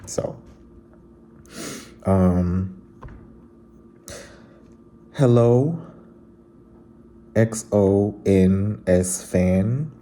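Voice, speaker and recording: A man with a fairly low, warm voice speaks very slowly with long pauses, over slight background noise. He's a vlogger reading out viewer comments, chatting casually and earnestly and addressing his viewers directly in a heartfelt way.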